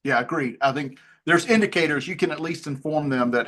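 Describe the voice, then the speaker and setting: Man moderating a relaxed panel chat. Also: on the high side, a little fast. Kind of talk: conversational panel discussion.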